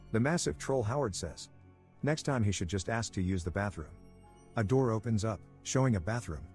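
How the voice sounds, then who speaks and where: Wry low-voiced male recap narrator. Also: darkish tone. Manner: dry, wry asides. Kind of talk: scripted movie recap narration.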